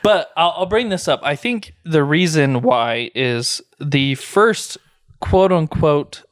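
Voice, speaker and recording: A man's voice: on the high side, animated, slow pace, no echo. Joking male podcast co-host, dry sound. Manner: joking, blunt asides. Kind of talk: casual chat.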